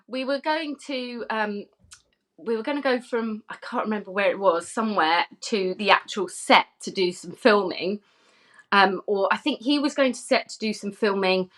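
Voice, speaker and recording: A woman's voice: medium pitch, pushed and bright. A woman telling an anecdote as a podcast guest, chatty and giggly, with plenty of fillers. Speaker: podcast guest, former film extra. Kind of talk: casual chat, anecdote.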